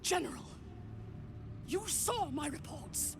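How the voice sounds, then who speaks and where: A haughty drow commander who defends her honour with indignation. Her voice sits very high and she speaks slowly and deliberately. Game music plays clearly behind her. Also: lively intonation, exaggerated voice. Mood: indignant. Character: proud female drow commander on trial. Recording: video game audio with music.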